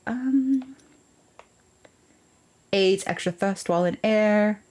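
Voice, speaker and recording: A woman's voice: medium pitch, unhurried, a little mellow. A young woman chats casually with her stream viewers while playing. She is playful and rambles with lots of fillers, in an ordinary mid-range voice. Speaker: game streamer. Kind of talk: casual live-stream chat.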